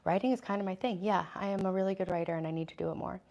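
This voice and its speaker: A talkative woman runs a relaxed home livestream, reading out viewer comments and answering them as she goes. Her voice sits at an ordinary middle pitch for a woman. She has an easygoing, conversational tone. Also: rapid-fire, gravelly. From United States. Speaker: livestream host. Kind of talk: casual livestream chat.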